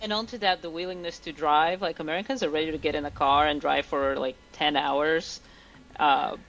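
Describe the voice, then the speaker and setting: Gravelly-voiced podcast guest, filler-heavy chat. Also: medium pitch, moderate pace, soft background music, low-quality recording. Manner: many fillers, lively storytelling. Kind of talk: casual chat.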